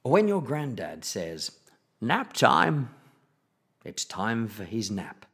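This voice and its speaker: A man reading a children's picture book aloud in an expressive, playful storytelling manner. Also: lowish voice, slow. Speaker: storybook reader.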